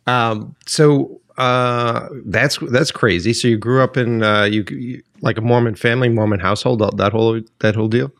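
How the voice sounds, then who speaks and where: A man hosting a podcast, talking in a loose, rambling way full of ums and restarts. He sounds tired and slow, like it is an early morning after a late night, with a pitch that sits mid-range. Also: fairly even intonation, fairly bright tone, no room sound, clean studio sound. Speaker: podcast host. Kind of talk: casual podcast chat.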